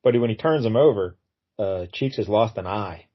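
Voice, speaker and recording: A man's voice: fairly low pitch, normal speed, slightly rough, dull audio. A man casually retelling a comic book story as a podcast co-host, acting out the characters' lines in funny voices. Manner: animated, acts out quotes in funny voices.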